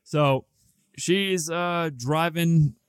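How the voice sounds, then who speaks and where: A man's voice: on the high side, drawn-out words, smooth, dry recording. A young man co-hosting a podcast, telling a long, rambling, profane story in a casual, laid-back way. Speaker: podcast co-host.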